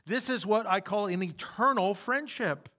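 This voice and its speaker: Guy pastor giving a sermon, high bright voice, keeps repeating his points. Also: moderate pace. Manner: emphatic, repeats key points.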